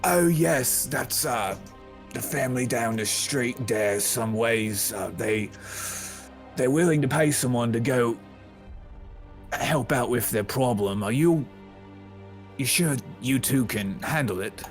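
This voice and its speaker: A burly dwarven tavern keeper, as a game master puts him on, friendly and chatty, serving drinks with an easy, hospitable manner. His voice sits at an ordinary middle pitch, unhurried and slow. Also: soft background music.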